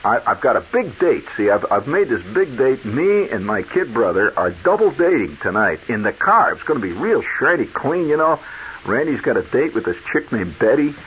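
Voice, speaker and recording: A man hosting a radio show, telling a story in a chatty, animated monologue that speaks straight to the listener. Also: mid-range voice, moderate pace. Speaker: radio host. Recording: muffled old radio broadcast with hiss.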